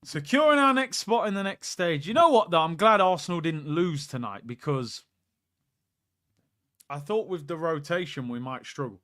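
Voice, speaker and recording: A young man hosts a live football watchalong. His voice sits fairly high, and he chats excitably, jumping between the match and viewer questions. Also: moderate pace. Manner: chatty and excitable, reacting to play and reading out viewer questions.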